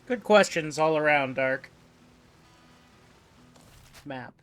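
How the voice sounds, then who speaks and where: Slow-talking man streaming a game. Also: fairly high pitch, expressive, a bit bright, clean tone, soft background music. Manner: slow, offhand, chatting with viewers. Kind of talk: live gameplay commentary.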